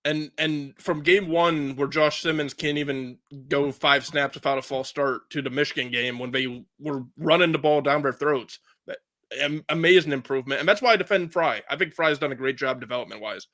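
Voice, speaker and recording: Man, podcast co-host, casual chat, laughs along, a bit high-pitched. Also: moderate pace, fairly bright tone.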